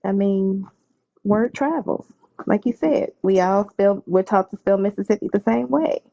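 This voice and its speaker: A woman's voice: mid-range voice, unhurried, vocal fry, warm tone, dry recording, muffled recording. An older woman and grandmother joining a live stream, chatting and teasing in an easygoing way. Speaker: co-host guest. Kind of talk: casual live stream chat.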